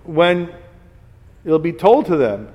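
A man's voice: fairly high pitch, very animated, slow, darkish tone, long reverb tail. A man giving an informal Torah class, reading Hebrew commentaries and explaining them in English with chatty personal stories. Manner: reads Hebrew sources then explains in English; chatty asides and personal anecdotes. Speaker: Torah teacher.

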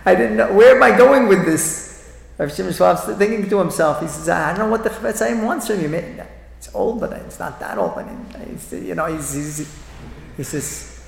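A middle-aged man giving an inspirational talk full of stories, animated and repeating his phrases, heard in an echoey hall. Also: a little high, moderate pace, gravelly, a little hiss or hum. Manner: animated, repeats phrases, acts out quoted voices. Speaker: speaker at a religious talk. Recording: echoey hall with long reverb.

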